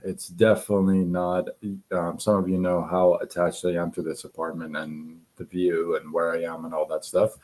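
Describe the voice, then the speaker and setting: A man hosting a casual livestream, halting with many fillers and clearing his throat, losing his voice. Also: low voice, flat delivery, a little mellow. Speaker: livestream host. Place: home apartment.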